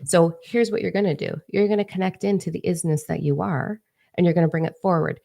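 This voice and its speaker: A woman with a low, gravelly voice full of vocal fry. She livestreams from her phone as a spiritual coach. She talks in a brash, emphatic and profane way. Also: fairly even intonation, a little fast, warm tone. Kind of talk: livestream talk to viewers.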